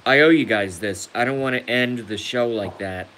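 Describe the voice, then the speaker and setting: A man's voice: mid-range voice, moderate pace, pushed and bright, slight background noise, poor audio. A man hosting a rambling live stream, crude and self-mocking, laughing at his own jokes while hurt and unable to laugh without pain. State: injured, hurts when he laughs. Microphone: phone.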